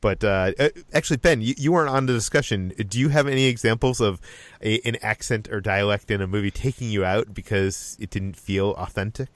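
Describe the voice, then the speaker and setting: A man's voice: fairly low pitch, brisk, dry recording. A man from Boston hosting a podcast, reading listener mail in casual chat and stumbling over many fillers and restarts. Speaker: podcast host.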